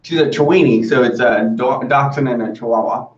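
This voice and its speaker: A man's voice: mid-range voice, a little fast. A man being interviewed over a video call, upbeat and a little shy, laughing easily as he talks about his dogs. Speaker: interview guest. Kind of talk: casual interview. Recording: distant, dull, echoey call audio.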